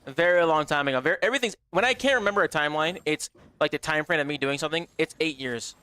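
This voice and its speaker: A man's voice: a little high, fast, bright, forceful tone, clean tone. A man streaming a game live, chatting brashly with his viewers, swearing and joking as he plays. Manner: brash, profane, joking, talks straight to chat. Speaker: gaming streamer. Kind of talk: casual livestream chatter.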